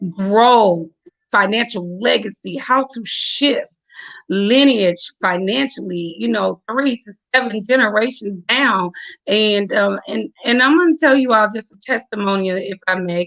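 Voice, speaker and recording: A woman's voice: medium pitch, creaky, fairly bright tone, dry recording. A woman from Tennessee, speaking effusively to viewers on a video call as she hosts a live-stream announcement. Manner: effusive, laughing, addresses viewers as y'all. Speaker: host announcing her new venture.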